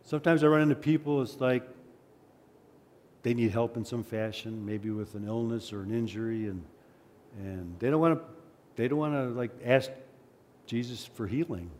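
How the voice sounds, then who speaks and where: Long reverb fills the hall as a man with a medium-pitched voice preaches at a moderate pace with frequent pauses. Reading scripture aloud, he animatedly performs the cries of the crowd and the beggar and chats through it in a conversational style.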